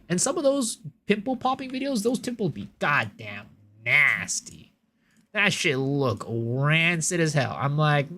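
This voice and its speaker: A man's voice: a little high, lively intonation, moderate pace, a bit bright. A man live-streaming a game, rambling casually to his chat with lots of profanity and filler words. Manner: chats to viewers in the stream chat.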